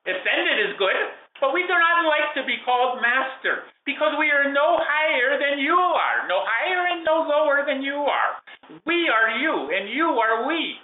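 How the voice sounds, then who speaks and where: A man's voice: extremely high pitch, big pitch swings, normal speed, pitched above the performer's own voice. A man channeling a jovial male spirit with an unusual put-on accent, who teases and laughs while questioning his audience. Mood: playful. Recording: echoey room, tinny phone-like sound.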